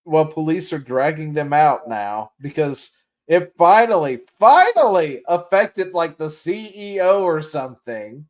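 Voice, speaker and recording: A man's voice: on the high side, lively intonation, a little slow. A man hosting a casual podcast, reading news aloud and mocking it with sarcasm, laughter and swearing. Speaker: podcast host.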